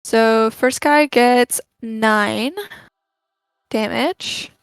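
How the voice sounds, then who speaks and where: A woman taking part as a player in a tabletop game, talking through her moves in a deliberate way. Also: a little high, smooth, no room sound, rough recording.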